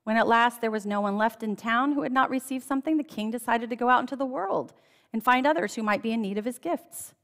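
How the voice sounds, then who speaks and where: A woman's voice: fairly high pitch, quick pace, a bit bright, long reverb tail. A woman reading a children's storybook aloud in a church, telling it expressively and lingering on key phrases. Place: church sanctuary.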